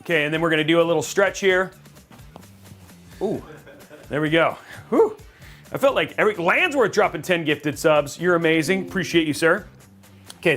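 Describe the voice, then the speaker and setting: A chatty, upbeat man hosts a live stream from a studio. He talks loosely and cheerfully in a fairly high voice and rambles as he goes. Soft music sits faintly behind him. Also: normal speed, long pauses. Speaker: livestream host building a PC. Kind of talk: casual live-stream chat.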